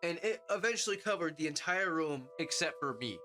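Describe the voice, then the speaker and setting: Animated, profane young man telling a story. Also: brisk. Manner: profane, animated, acts out quotes in high voices. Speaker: podcast host. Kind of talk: casual storytelling.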